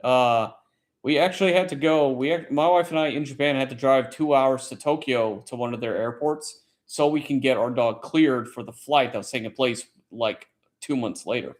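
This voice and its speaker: A man's voice: mid-range voice, normal speed. Man, livestream host, casual late-night chat, rambling, swears a lot. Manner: profane, rambling storyteller. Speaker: military service member.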